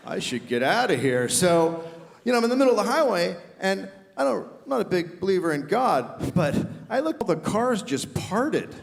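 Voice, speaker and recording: Man doing stand-up, lively pitch, fairly high voice, long theater reverb. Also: moderate pace, creaky. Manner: animated storytelling, shouting acted quotes. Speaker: stand-up comedian. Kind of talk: stand-up comedy. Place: large theater stage. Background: audience laughter.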